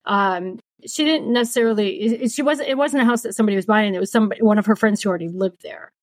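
A woman's voice: mid-range voice, fast talker, no room sound, poor audio. A woman paranormal investigator guest in casual podcast chat, talking hesitantly and restarting sentences.

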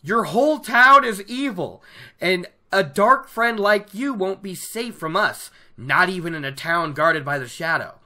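A podcaster voicing a hostile young male zealot soldier, loud and accusing. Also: mid-range voice, animated, measured pace.

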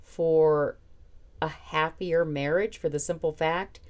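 A woman's voice: sits low, steady tone, slow pace, a little mellow. A woman hosting a podcast, chatting casually, laughing and trailing off mid-sentence. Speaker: podcast host. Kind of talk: casual chat.

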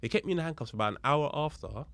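A man, a guest on a podcast, telling a story in a lively, casual way and acting out the other people's voices, with street slang and swearing. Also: fairly high pitch, racing, dry recording. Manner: animated, acts out the voices of people in his story. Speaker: podcast guest, police officer.

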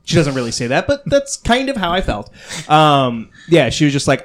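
A man's voice: fairly high pitch, big pitch swings, normal speed. A man hosting a comics podcast, enthusiastic and casual, acting out little quotes. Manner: enthusiastic, acts out quotes with a squeal. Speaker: podcast host. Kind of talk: casual chat about comics.

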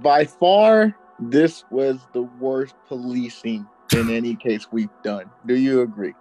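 A man co-hosting a casual podcast, animated and quick with short reactions. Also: medium pitch, faint music behind, low-quality recording. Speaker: podcast co-host.

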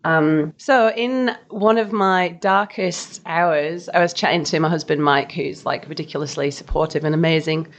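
Chatty woman with a low voice. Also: moderate pace, few pauses. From Australia. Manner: chatty and candid, many fillers. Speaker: podcast guest. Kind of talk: casual interview chat.

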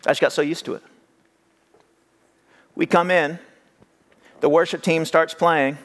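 Pastor mit etwas hoher Stimme. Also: male voice, fairly high pitch, steady tone, measured pace, pauses often. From California. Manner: conversational storytelling, acts out quoted voices. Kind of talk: sermon.

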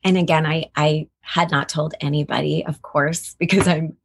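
This middle-aged voice actor is a guest in a relaxed interview, talking in a lively, chatty way and laughing a lot. She has a deep voice with vocal fry and keeps a moderate pace.

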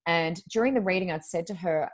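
A woman's voice: fairly low pitch, fairly quick. A woman who works as a medium, chatting as a podcast guest and telling a long story in a rambling way, with many fillers. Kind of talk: casual storytelling.

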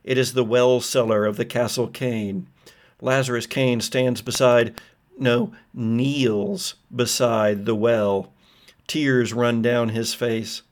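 A man's voice: medium pitch, fairly even intonation, slow. A man narrating vivid scenes as game master of a tabletop role-playing game. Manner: vivid descriptive storytelling.

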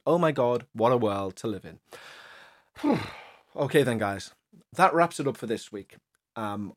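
Excitable male podcast host. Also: mid-range voice. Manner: excitable, gushing exclamations between calm reading. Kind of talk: reading a listener's ghost story aloud, then casual chat.

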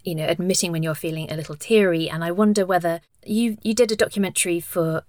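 A woman interviewing a guest, asking gentle, encouraging, measured questions. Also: lowish voice, fairly even intonation, dry recording. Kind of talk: conversational interview.

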